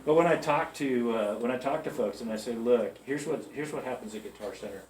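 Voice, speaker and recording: There's a little hiss or hum as a man with a darkish, mid-range voice talks a little fast to a group of new music-store employees. He tells chatty stories and checks in with them, a pep talk done through storytelling, recorded from far off in the echoey store.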